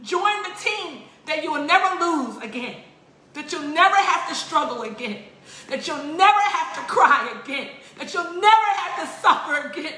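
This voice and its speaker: A woman's voice: sits high, expressive, moderate pace, pushed and bright. A woman giving an emotional, tearful spoken appeal, pleading in a repetitive preaching cadence. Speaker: religious vlogger. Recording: roomy echo.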